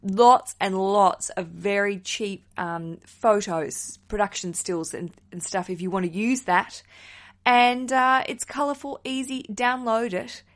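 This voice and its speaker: A woman's voice: medium pitch, slow. A young woman hosting a wedding podcast, chatting casually and enthusiastically, with the odd swear word thrown in.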